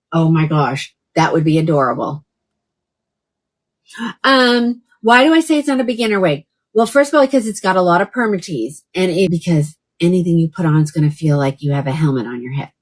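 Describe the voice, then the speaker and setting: A woman from Oklahoma hosting a live shopping stream, chatting casually with viewers by name and gushing over products. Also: lowish voice. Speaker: live shopping host selling wigs. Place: indoors by a fan.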